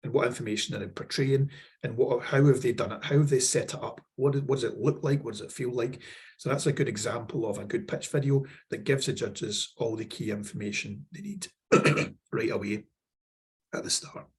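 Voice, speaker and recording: A man's voice: medium pitch, brisk, a little mellow, breathy edge. A man with a Scottish accent presenting a workshop, rambling with fillers and repeated words, losing his voice. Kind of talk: webinar walkthrough.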